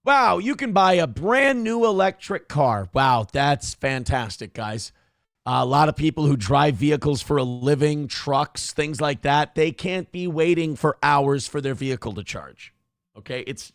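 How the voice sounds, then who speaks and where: A man's voice: medium pitch, no echo, studio quality. A man hosting a show, mocking a clip he reacts to in casual, profane commentary.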